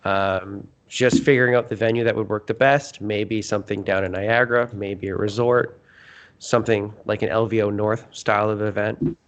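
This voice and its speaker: A man's voice: lowish voice, fairly even intonation, moderate pace, highs cut off. A man from Canada who organizes events, laying out his plans plainly on a casual podcast.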